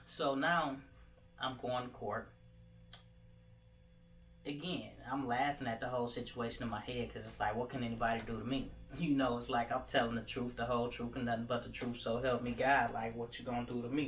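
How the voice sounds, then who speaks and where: A man's voice: medium pitch, fairly bright tone. A man recounting his own story in a rambling monologue, full of "you know" and "like". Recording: distant mic with faint background noise.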